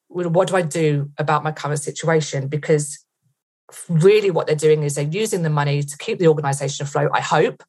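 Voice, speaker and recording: A middle-aged woman from England, a podcast guest, retelling a tense story vividly with quoted thoughts. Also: low-pitched.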